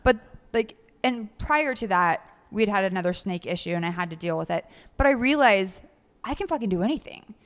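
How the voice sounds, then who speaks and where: A woman's voice: medium pitch, a little fast. A woman, a mother, chatting casually as a guest, blunt and full of swearing. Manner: blunt, swears a lot, animated. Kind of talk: casual chat. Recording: light hall reverb.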